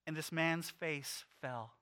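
A middle-aged man preaching a sermon, animated and playful, acting out the quotes he reads. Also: fairly high pitch, slow. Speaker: pastor.

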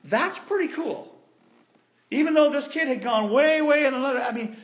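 A man preaching a sermon, retelling a story with animated storytelling and addressing the congregation directly. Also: very high voice, normal speed.

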